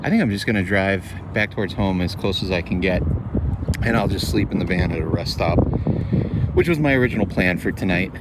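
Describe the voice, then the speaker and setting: A man's voice: low-pitched, a little fast. A man talking casually in a rambling, matter-of-fact way, narrating his travel vlog from the road. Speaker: cinematographer vlogger. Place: outdoors by a van on the road. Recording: noisy outdoor traffic ambience.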